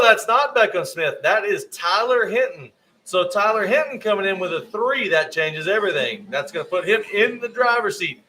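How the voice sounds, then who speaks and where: A man's voice: high-pitched, bright, forceful tone, rough recording. A man giving live race commentary, often stumbling over rider names and correcting himself.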